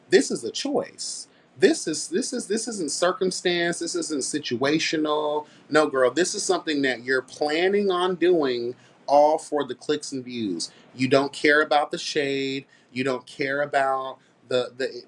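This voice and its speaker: A man's voice: mid-range voice, a bit bright. A man hosting a casual commentary rant, sassy and blunt, swearing freely and stressing his points. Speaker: commentary host.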